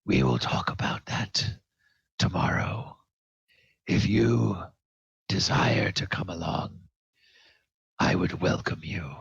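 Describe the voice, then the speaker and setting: Man as a resolute dwarf, low, half-whispered, slow, dull dry sound. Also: lively intonation, creaky, slightly rough, heavily acted. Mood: calm. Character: wise returned male dwarf, calm and resolute.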